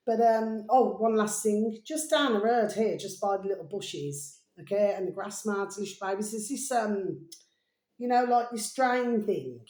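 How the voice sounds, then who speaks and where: In an echoey, roomy space, a woman with a medium-pitched, slightly mellow voice chats to the camera in a loose, rambling vlog. She affectionately addresses her audience as "my delicious babies," often using fillers and leaving thoughts half-finished.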